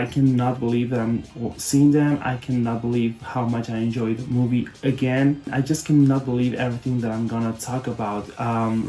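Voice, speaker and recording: A young man hosting a fan vlog, talking casually in a soft, lower-toned way and sounding deeply emotional. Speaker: fan channel host. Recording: roomy echo with faint music behind.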